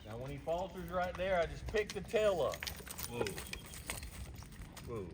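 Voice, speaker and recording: A man working as a horse trainer, calmly and patiently explaining while he works a horse outdoors. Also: a little high, unhurried. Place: outdoor round pen with horses. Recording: distant voice with outdoor noise.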